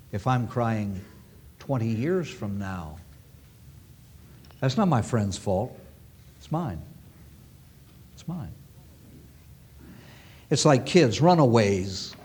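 A man's voice: lowish voice, a little mellow, slight background noise. A man preaching a sermon to an audience, emphatic and repeating key phrases for weight.

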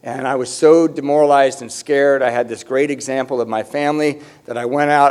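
A man's voice: medium pitch, a little mellow. A middle-aged man telling his recovery story with humor, candid and self-deprecating. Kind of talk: personal testimony with humor.

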